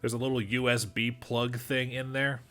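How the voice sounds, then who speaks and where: A man's voice: medium pitch, level tone, normal speed, bright, forceful tone, soft background music. A man game master running a tabletop game, talking casually with many fillers. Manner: casual, helpful, filler-heavy.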